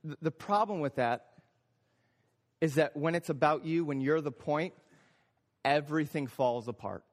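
A man preaching a sermon as pastor, animated, repeating phrases for emphasis and acting out little voices. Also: fairly high pitch, measured pace. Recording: long hall reverb.

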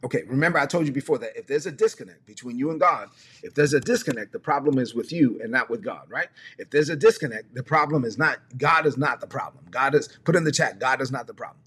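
Husky-voiced man preaching emphatically. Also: medium pitch, quick pace, fairly bright tone. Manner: emphatic, repetitive, conversational preaching. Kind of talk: livestreamed teaching sermon.

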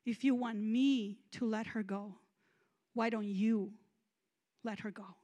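A woman preacher voicing God as a stern male judge on a throne, in a high voice. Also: steady tone, slow. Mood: soft. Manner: stern, then softening.

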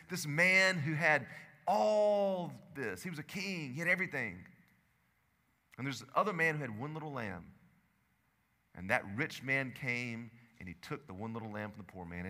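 A man preaching a sermon as pastor, swinging between loud urgent stretches and low hushed lines. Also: long reverb tail. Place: church sanctuary.

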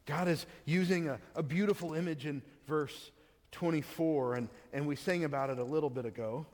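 A man's voice: on the high side, a little mellow. Man preaching in a reverberant hall. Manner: reads scripture slowly, then explains in plain talk. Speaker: pastor. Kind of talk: sermon with scripture reading.

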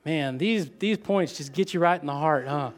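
A man preaching a sermon in a conversational, animated way, with quick asides to the congregation. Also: on the high side.

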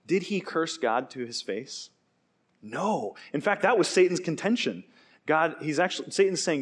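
Animated man preaching a sermon. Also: a little high, normal speed, slightly rough. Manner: animated storytelling with acted quotes. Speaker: pastor.

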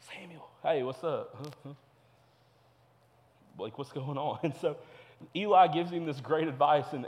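A man's voice: mid-range voice, in a large hall. A young man preaching a sermon to teenagers as a youth pastor, earnest and repetitive. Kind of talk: sermon to teens.

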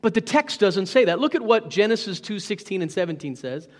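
A man's voice: high voice, sing-song, brisk, long reverb tail. A man preaching a sermon as pastor, emphatic and putting questions to the congregation.

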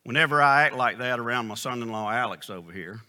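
A man's voice: mid-range voice, quick pace, sharp tone. A man preaching a sermon in an emphatic, folksy storytelling style. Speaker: pastor.

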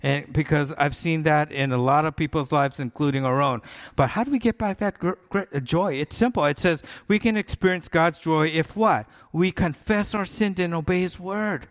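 A man's voice: fairly high pitch, moderate pace. A middle-aged man, a pastor, preaching a sermon in an earnest, conversational way, repeating his key points for emphasis.

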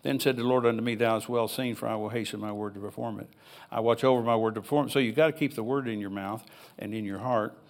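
A man's voice: mid-range voice, steady tone, quick pace, few pauses. Older guy pastor giving a sermon in church, chatty, reads bible verses then goes off on tangents. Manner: conversational preaching, reads scripture aloud, rambles with asides.

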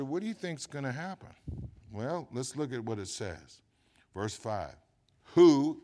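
Animated older man preaching a sermon. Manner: swings from low asides to loud emphatic preaching. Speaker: pastor.

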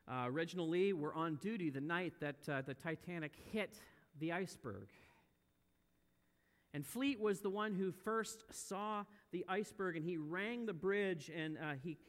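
A man preaching a sermon in a church, earnest and building to loud, emphatic peaks. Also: a little high. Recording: long hall reverb.

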